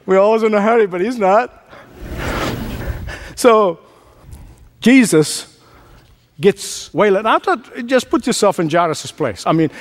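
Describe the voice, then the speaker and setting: A man preacher giving a sermon, emphatic, repeating key phrases and laughing often. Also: sits high.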